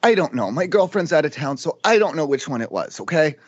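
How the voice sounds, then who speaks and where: A man's voice: fairly high pitch, big pitch swings, brisk, breathy edge, no room sound, dull audio. A man making a prank call, rambling and arguing in an overwrought way. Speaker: prank caller.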